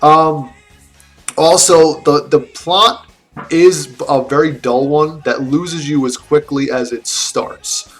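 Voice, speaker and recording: Male film reviewer, slightly higher voice, loose rambling delivery full of swearing and fillers. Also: steady tone, takes it slowly, a bit bright, soft background music. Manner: rambling, profane, laughing, with many restarts and fillers. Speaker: movie reviewer. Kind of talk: casual film review rant.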